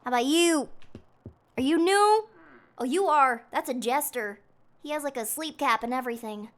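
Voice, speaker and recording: A woman with a high, bright-toned voice streams a mystery game live. She chatters excitably, thinking her theories through aloud and reacting to every clue. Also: normal speed.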